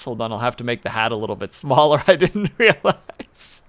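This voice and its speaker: A male streamer chats casually from a home setup with a desk mic, rambling with playful asides. His mid-range voice is animated, a bit bright and smooth, at a moderate pace with few pauses.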